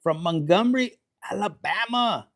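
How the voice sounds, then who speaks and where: A man giving a casual livestream tarot reading, profane and animated, dropping into Spanish slang. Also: high-pitched, normal speed. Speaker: tarot reader.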